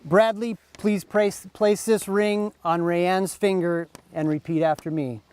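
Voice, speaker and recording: A man officiating a wedding, leading the vows in a formal, measured way. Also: high-pitched, fairly even intonation, a little mellow, smooth, no echo. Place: outdoor or hall wedding ceremony.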